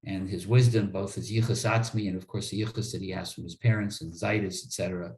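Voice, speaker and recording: A man's voice: low-pitched, steady tone, fast talker, a little mellow. Attorney guy telling a story, earnest, keeps restarting his sentences, roomy echo around him. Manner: earnest, repeats words when starting sentences. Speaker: attorney guest. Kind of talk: interview storytelling.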